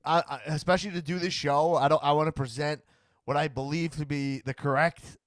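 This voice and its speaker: A man's voice: fairly high pitch, steady tone, fairly quick, no room sound, studio quality. Rambling, stammering talk-show man. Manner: rambling, frequent restarts and stammered repeats; acts out other people's voices mid-sentence. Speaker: podcast host. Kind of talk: casual chat.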